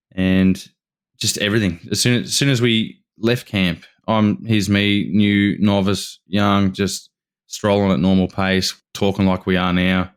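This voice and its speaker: An Australian man tells a story on a podcast, his voice very deep and smooth. He speaks in a fairly flat tone and rambles eagerly, restarting his sentences as he goes. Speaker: podcast guest. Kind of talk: casual storytelling.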